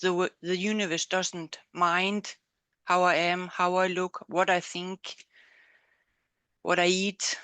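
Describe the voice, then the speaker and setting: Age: adult. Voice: bright, smooth, slow, dry. Role: woman host. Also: fairly low pitch, little pitch movement, dry recording. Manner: slow, hesitant, apologetic restarts. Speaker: webinar host. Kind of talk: conversational interview. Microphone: video call.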